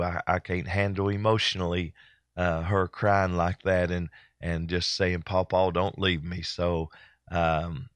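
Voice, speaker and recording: An older man with a drawl hosts a homespun church broadcast, his voice sitting very low. He rambles along easily, stopping often on fillers and restarts. The sound is dry and close, with no room around it. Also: dry recording. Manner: folksy, rambling with many pauses and fillers. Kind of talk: casual chat.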